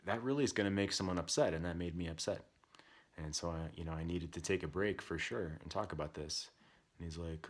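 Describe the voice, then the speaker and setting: Deep-voiced guy talking about parenting, casual and candid. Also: brisk. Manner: reflective, candid parenting talk. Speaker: podcast host. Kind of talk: casual storytelling.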